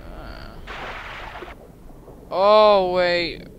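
A man giving excitable gaming commentary into a headset mic, swearing often and breaking into sudden yelps and shrieks. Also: sits high, extremely slow, highs cut off, slight background noise. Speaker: let's play gamer.

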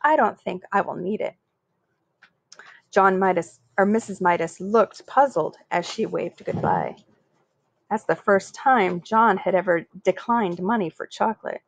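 A woman reading a children's chapter book aloud in a steady, expressive way. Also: medium pitch, creaky, dry recording. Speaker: story reader.

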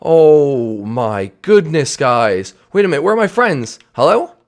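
Excitable young male host of an improvised game role-play, creaky and animated. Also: fairly high pitch, measured pace. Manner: excitable, exclamatory, rambling.

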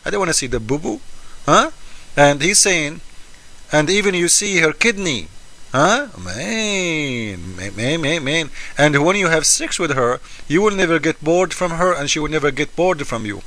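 Man, fairly high voice, very lively pitch, sarcastic, incredulous, repeats words. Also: a little slow. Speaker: commentator. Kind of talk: mocking commentary video.

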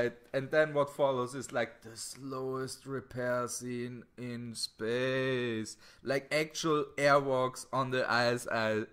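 A man's voice: mid-range voice, fairly bright tone. A man co-hosting a casual podcast about an old TV show, joking and laughing often. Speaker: podcast co-host. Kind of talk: casual chat.

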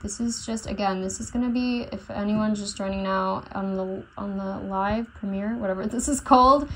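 A woman's voice: medium pitch, steady tone, normal speed, fairly bright tone, low-quality recording. Woman, tarot reader, loose channeling monologue, meandering and hesitant, faint hiss behind. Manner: rambling, unsure, many fillers and self-corrections.

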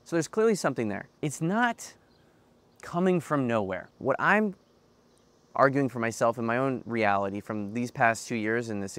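An earnest young man speaks straight to camera in a reflective, personal monologue. His voice sits at an ordinary middle pitch, and he often circles back and repeats phrases to drive a point home. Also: no echo. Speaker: self-help vlogger.

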